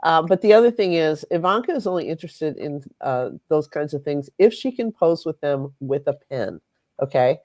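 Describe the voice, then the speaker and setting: A woman's voice: deep voice, animated, normal speed, a little mellow, dry recording. A woman journalist on a talk panel, telling sarcastic stories in a wry, dry manner. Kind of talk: casual panel chat.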